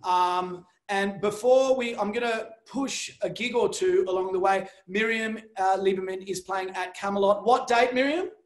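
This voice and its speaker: Male host, high voice, casual livestream chat, jokes and fillers. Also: moderate pace, few pauses. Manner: chatty and joking, rambling with fillers.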